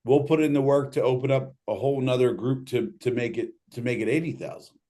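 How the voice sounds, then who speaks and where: A man's voice: mid-range voice, fairly even intonation, fast, dark tone. A man hosting a casual livestream Q&A, reading out audience questions and joking between them. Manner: loose, joking, reads questions aloud.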